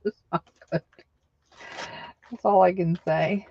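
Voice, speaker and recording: A woman's voice: lowish voice, steady tone, takes it slowly, gravelly, muffled recording, slight background noise. A woman hosting a live online craft sale, chatting casually and answering viewer comments aloud. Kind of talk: casual live-selling chat.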